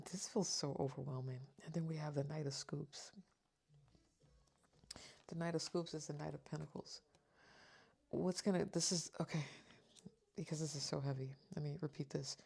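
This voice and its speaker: A woman's voice: sits low, steady tone, moderate pace, vocal fry, pauses often, a little mellow, breathy edge. A woman giving a tarot reading to her viewers, talking earnestly and reading out card meanings. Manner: earnest, emotional, repeats reassurances; reads card descriptions aloud. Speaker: tarot reader.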